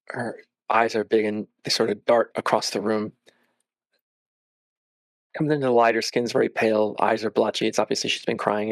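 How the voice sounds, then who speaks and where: A man's voice: on the low side, gravelly, fairly bright tone, no room sound. A man narrating a tabletop game. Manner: measured, earnest, lightly hesitant. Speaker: game master.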